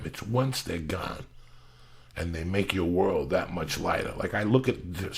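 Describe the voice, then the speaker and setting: A fifty-year-old man hosts with a low, gravelly voice. He swears through loose rants, and his talk jumps into loud, high-pitched bursts. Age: 50s. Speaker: podcast host. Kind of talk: loose profane podcast rant.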